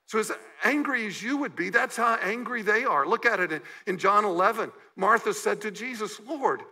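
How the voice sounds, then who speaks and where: A man's voice: high voice, bright, forceful tone, husky, low-quality recording. A man preaching a sermon as a guest pastor in a church, talking conversationally and acting out the emotional words of the people in his story. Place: church sanctuary.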